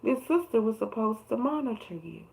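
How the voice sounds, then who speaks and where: A woman's voice: a little high, animated, moderate pace, vocal fry, a little mellow, low-quality recording. A woman giving a casual, emphatic tarot reading on a livestream, with plenty of swearing and repeated words for emphasis. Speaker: tarot reader.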